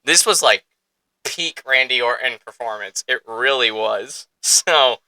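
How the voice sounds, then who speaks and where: Excitable man with a bright, crisp voice. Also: mid-range voice, measured pace, dry recording, poor audio. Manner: excitable, profane, laughs often. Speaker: podcast host. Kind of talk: casual podcast chat.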